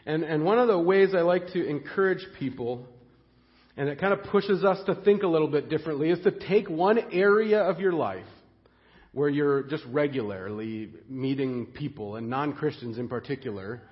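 A man preaching a sermon as pastor, earnest and excitable, often repeating the first words of a phrase as he goes. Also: on the high side, moderate pace, in a large hall, muffled recording.

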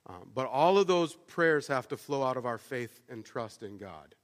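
A man's voice: medium pitch, sing-song, normal speed, in a large hall. A male pastor giving a conversational sermon, often restarting phrases with fillers and repeated words.

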